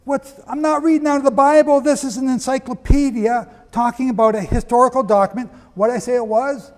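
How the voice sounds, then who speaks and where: Male preacher, high voice, emphatic and questioning, long hall reverb. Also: fairly even intonation, fairly quick. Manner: emphatic, asks the audience questions. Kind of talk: preaching lecture with readings.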